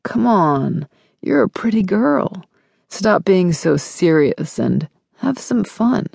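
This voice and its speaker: A woman's voice: mid-range voice, big pitch swings, slow pace, vocal fry, darkish tone, husky, no echo, clean studio sound, voice pushed up, full character voice. A woman voicing a smug, condescending young male college boyfriend in an audiobook. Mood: smug, pushy. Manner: condescending, pushy.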